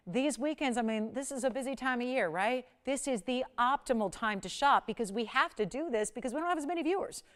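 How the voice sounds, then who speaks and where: Woman, TV shopping host, fast-talking sales patter, bursts of hype, clear resonant tone. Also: mid-range voice. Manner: energetic, chatty, hypes deals with sudden loud bursts. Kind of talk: live jewelry sales pitch.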